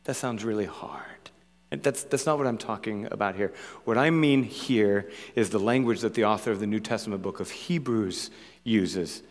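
Earnest pastor in a reverberant hall. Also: male voice, mid-range voice. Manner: earnest, emphatic, repeats phrases with frequent "right?". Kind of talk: sermon.

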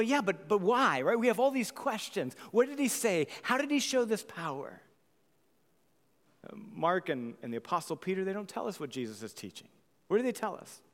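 A man preaching a sermon as pastor, animated, swinging from loud exclamations to hushed near-whispers. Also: on the high side, big-room sound.

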